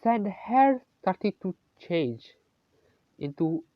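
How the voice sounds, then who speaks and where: A narrator improvising a fan story aloud in a halting way, often stopping to correct themselves mid-sentence. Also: mid-range voice, very animated, no room sound, lo-fi sound.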